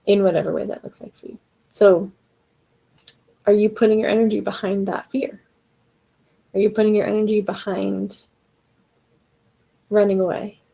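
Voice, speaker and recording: A woman's voice: mid-range voice, creaky, mellow, slightly rough, low-quality recording. A woman giving a casual, encouraging live coaching talk to singers, acting out their inner voices as she goes.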